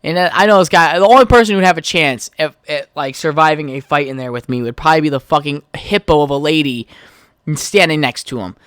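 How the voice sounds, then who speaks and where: A man's voice: on the high side, a little fast, a bit bright, clear, resonant tone, no echo, studio quality. A young man hosting his own podcast, telling a heated, profane story in a casual rant. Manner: profane, heated storytelling, trails off while texting. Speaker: podcast host.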